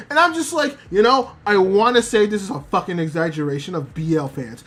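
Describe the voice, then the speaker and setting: A mid-range female voice comes quickly with few pauses. She's a VTuber chatting about anime, animated and profane, rambling with plenty of fillers while she reads chat aloud.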